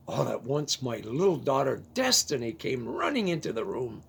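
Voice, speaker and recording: A storyteller narrating a first-person tale in a halting way, often repeating words. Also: medium pitch, very animated, creaky, slightly rough.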